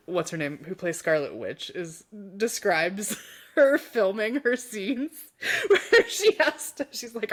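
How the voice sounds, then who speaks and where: A woman co-hosting a casual chat about games, laughing often and telling stories in a rambling way. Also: on the low side. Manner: laughing, animated, rambling storytelling. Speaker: podcast co-host.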